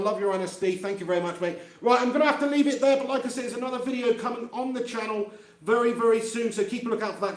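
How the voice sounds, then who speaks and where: A man hosting a live fan reaction stream, chatting casually, laughing often and reading out viewer comments. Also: high voice. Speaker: fan channel host. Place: empty room. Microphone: handheld mic close to face. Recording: echoey empty room.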